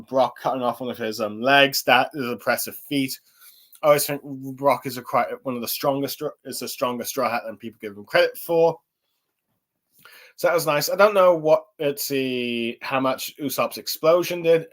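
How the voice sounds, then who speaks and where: Rambling young man reviewing comics. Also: mid-range voice. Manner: rambling, many fillers and restarts. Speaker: anime and manga reviewer. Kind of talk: casual spoken review.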